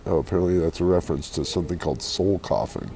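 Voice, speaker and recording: A hungover man chatting casually with his live-stream viewers from an airport, keeping his voice quiet and low. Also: quick pace, gravelly. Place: airport waiting area.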